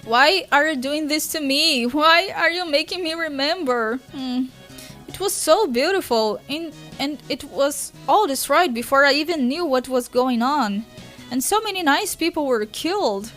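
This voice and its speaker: A woman's voice: high voice, expressive, unhurried, fairly bright tone, faint music behind. A woman with a Brazilian Portuguese first language voicing a weepy teenage girl sprite who breaks into sobbing boo-hoo cries.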